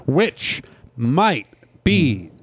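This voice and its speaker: A man's voice: on the high side, sing-song, very slow, slightly rough, no room sound. Rambling male podcast host. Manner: rambling storyteller. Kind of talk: casual chat.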